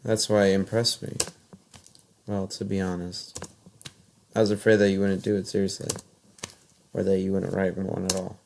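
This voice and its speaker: A man's voice: low voice, little pitch movement, moderate pace, creaky, pauses often, darkish tone, slight background noise. A man doing crude, joking commentary while reading a visual novel game aloud. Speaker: let's play commentator.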